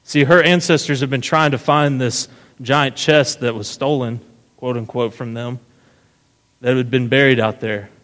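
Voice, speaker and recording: Pastor, male, mid-pitched voice; casual storyteller in a long-echo sanctuary. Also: steady tone, moderate pace, a bit bright. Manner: casual storytelling, keeps checking in with "right?". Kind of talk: sermon. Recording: long hall reverb.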